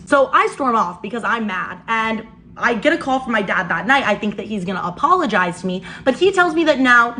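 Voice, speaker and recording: A young woman in her twenties vlogging, telling an exasperated story in an animated way while doing her makeup. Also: on the high side, a little hiss or hum.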